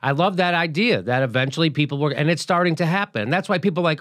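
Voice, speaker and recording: A middle-aged male host delivers political commentary with blunt, profane emphasis. His voice sits a little higher than most men's and is very animated. It sounds dry and close, with no room echo. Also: fairly quick, hardly any pauses. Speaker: show host.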